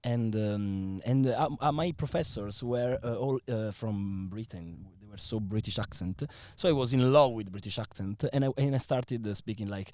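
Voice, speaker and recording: An Italian-accented man in his young adult years hosts a relaxed podcast conversation. His English comes out halting, with lots of "uh" and restarts, and the voice sits at an ordinary pitch. The sound is close and dry. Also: no echo. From Bari, Italy. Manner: hesitant English with many fillers. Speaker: podcast host. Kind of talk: casual chat.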